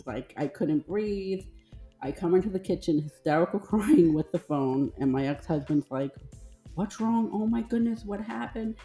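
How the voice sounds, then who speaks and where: Animated middle-aged woman, lowish mellow voice. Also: moderate pace, soft background music. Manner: animated storyteller, acts out quoted voices. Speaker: podcast co-host. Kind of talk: casual chat.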